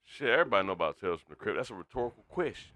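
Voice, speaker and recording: A man co-hosting a live stream, talking loudly and with lots of swearing, drinking tequila as he chats. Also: fairly low pitch, racing, no room sound. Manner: loud, profane, animated storytelling. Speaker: stream co-host. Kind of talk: casual stream chat.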